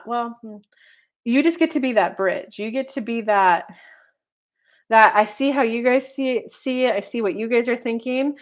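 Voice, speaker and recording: A woman tarot reader and life coach talks casually to her viewers. Her voice sits somewhat high, and she rambles in a chatty way with plenty of filler words. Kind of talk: casual horoscope video monologue.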